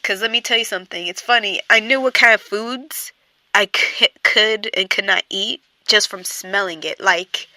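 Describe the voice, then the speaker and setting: A woman's voice: medium pitch, normal speed, bright, forceful tone, dry recording. A young woman telling a personal story in casual storytime chat, rambling and full of fillers. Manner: rambling, filler-heavy, with frequent "like" and "I'm here like".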